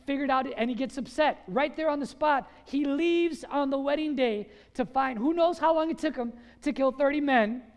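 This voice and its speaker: High-voiced preacher in a reverberant hall. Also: normal speed, hardly any pauses. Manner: animated, quizzes the congregation. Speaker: pastor. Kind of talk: sermon with call-and-response questions. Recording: long reverb of a large hall.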